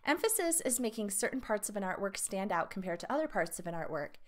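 A woman's voice: mid-range voice, sing-song, fast. A woman art teacher reading test review questions and lesson text aloud to her students, with her own asides. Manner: reads questions and answer choices aloud, adds asides to students.

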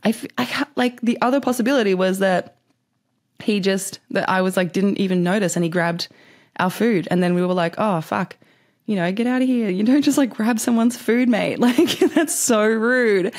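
A young woman tells a story in a loose, rambling vlog style. Her voice sits low, and she fills it with "like" and casual swearing. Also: vocal fry, a little mellow. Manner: rambling, swears freely, says "like" constantly. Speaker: vlogger.

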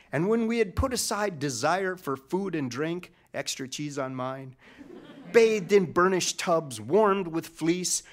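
High-voiced wry storyteller man. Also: a bit bright. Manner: wry, mock-epic, dramatic swells. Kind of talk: comic storytelling performance.

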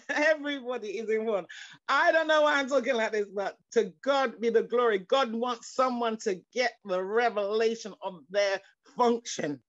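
A woman's voice: a little high, moderate pace, no echo. A woman preacher delivering a fervent sermon over a video call, repeating herself, restarting phrases and breaking into exclamations of praise. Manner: fervent, repetitive, stumbling restarts, rising into exclamations. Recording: dull lo-fi video call audio.

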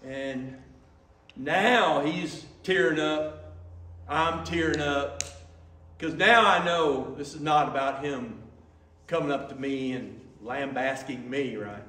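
High-voiced preacher in an echoey church. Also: male voice, slow pace, far from the mic. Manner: lively, conversational, acts out quotes. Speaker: pastor. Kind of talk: sermon with storytelling. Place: church sanctuary.

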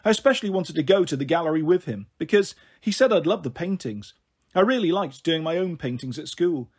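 Husky high-voiced male storyteller. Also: animated, a little fast. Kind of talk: storybook reading.

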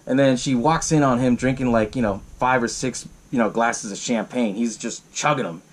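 Profane, rambling podcast host. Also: male voice, medium pitch, normal speed. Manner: loose and profane, lots of fillers. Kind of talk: casual movie recap.

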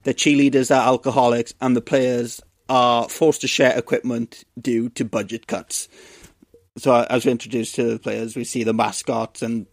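A man's voice: mid-range voice, no room sound. Guy on a podcast recapping a movie, rambly, dry close sound. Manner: rambling recap with restarts and laughs. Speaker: podcast co-host. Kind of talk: casual movie-recap chat.

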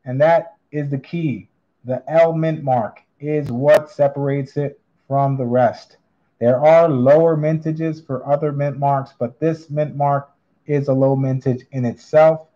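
A man running a live online coin auction, calling bids in a drawn-out, upbeat patter. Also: a little high, fairly even intonation, mellow, dull audio.

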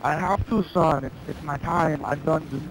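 A man's voice: fairly high pitch, fairly even intonation, normal speed, a crowd in the background, lightly acted. A man playing a male cyborg soldier saying farewell, in a clumsy Arnold-style impression with broken grammar. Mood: solemn farewell.

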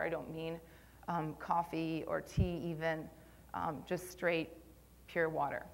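Woman, lowish voice, conference talk, chatty, a bit nervous, lots of fillers. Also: steady tone, moderate pace, vocal fry. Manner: conversational, filler-heavy, slightly nervous. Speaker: conference speaker on posture and Pilates. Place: conference room.

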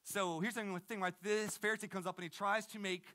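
Bright-voiced energetic male preacher. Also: high voice, brisk. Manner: casual, energetic preaching with slang and repeated restarts. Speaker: pastor. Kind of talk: sermon.

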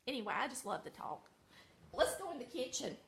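A woman's voice: on the high side, very animated, brisk, creaky, very noisy. A middle-aged Southern woman with a Southern American accent, chatting folksily to viewers in a casual vlog from her home kitchen. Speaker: vlogger.

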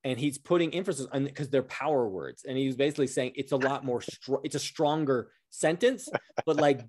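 A man co-hosting a podcast in casual political chat, halting and repeating words as he thinks aloud. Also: mid-range voice, darkish tone. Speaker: podcast co-host.

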